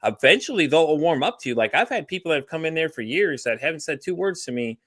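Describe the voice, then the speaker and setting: Fast-talking rambling man from Texas. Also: a little high, very animated, fairly bright tone, dry recording, studio quality. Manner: fast, rambling storyteller who acts out quoted dialogue. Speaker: podcast guest. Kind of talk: casual chat.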